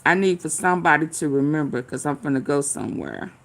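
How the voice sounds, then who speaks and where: A woman's voice: sits low, animated, fast, creaky, fairly bright tone. A woman hosting casual commentary, rambling straight to her viewers and swearing as she hunts for clips to react to. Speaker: commentary channel host.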